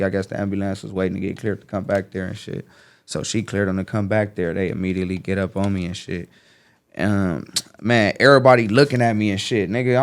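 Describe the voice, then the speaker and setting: A young man telling a story in casual street slang, acting out voices with sudden high jumps. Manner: animated, acts out quotes with sharp pitch jumps; heavy slang, fast casual street talk. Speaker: guest.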